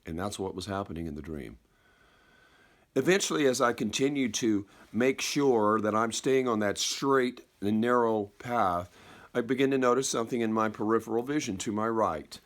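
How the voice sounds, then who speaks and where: A man telling a personal story in a slow, reflective way, halting and repeating words and dropping softer at key moments. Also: fairly low pitch. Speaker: speaker.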